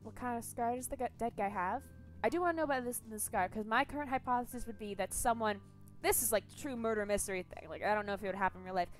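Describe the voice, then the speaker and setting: A young woman streaming a story game, chatting casually, swearing freely and thinking out loud. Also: on the high side. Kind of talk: casual gameplay commentary.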